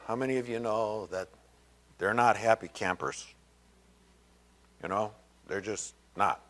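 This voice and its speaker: A man preaching a sermon as pastor, conversational and rambling, full of fillers and asides, and raising his pitch to act out quoted voices. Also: a bit bright.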